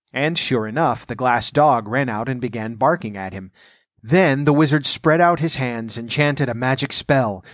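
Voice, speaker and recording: A man reading a storybook aloud in a measured, even way, then adding his own commentary. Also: medium pitch, no echo, clean studio sound.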